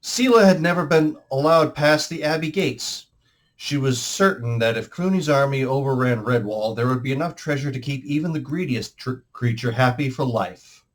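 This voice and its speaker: A man hosting a read-aloud show, narrating a storybook with expressive rises and falls in tone. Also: mid-range voice, moderate pace. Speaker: host reading a book aloud.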